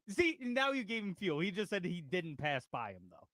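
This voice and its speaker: A man hosts a casual sports radio talk show with a lively, animated delivery and a slightly high voice. He talks easily and reads out comments from the chat. The sound is dry and close. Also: unhurried, dry recording.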